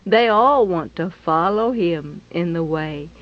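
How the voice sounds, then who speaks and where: A woman's voice: fairly low pitch, animated, slow, highs cut off. A woman telling a Bible story in a dramatic, emphatic way, repeating phrases for effect.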